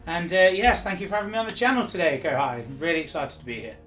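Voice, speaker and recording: A man's voice: a little high, very animated, quick pace, a bit bright, soft background music. Enthusiastic man chatting games. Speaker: guest. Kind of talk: casual chat.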